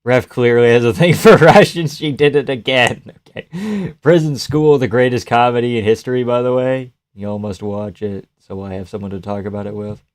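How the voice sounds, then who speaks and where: A man hosting a live fight reaction stream, chatting casually with viewers, reading chat and cursing as he yells at the action. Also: mid-range voice, moderate pace. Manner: swears freely, yells at the fight; reads and answers chat. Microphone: desk mic, gain adjusted live.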